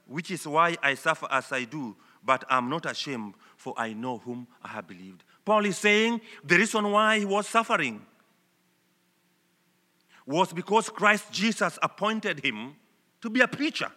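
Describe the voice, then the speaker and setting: A man from Kenya preaching a sermon, swinging between loud emphatic declarations and soft, earnest appeals. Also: fairly high pitch, big pitch swings, a little slow. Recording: long hall reverb.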